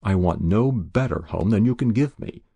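Devoted young woman, earnest and tender, low gravelly read by a male narrator. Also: expressive, normal speed, mellow, no room sound, exaggerated voice. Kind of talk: audiobook character voice.

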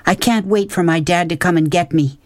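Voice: medium pitch, fairly quick, no echo, clean studio sound, voice pushed up, lightly acted. A reader voicing an angry, grieving young girl who talks hard and snaps. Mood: pleading. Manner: hard, snapping, tearful.

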